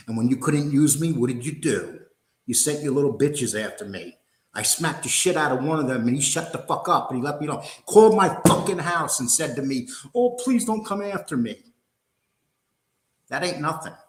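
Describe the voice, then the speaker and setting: Profane, combative older man ranting. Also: medium pitch. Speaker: host. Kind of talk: angry livestream rant. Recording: roomy echo.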